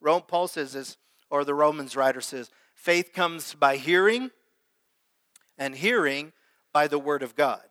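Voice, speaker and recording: Bright-voiced preaching pastor, man. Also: a little high, a little slow, no room sound, big-room sound. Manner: preaches with prayer and call-and-response to the congregation. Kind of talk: sermon.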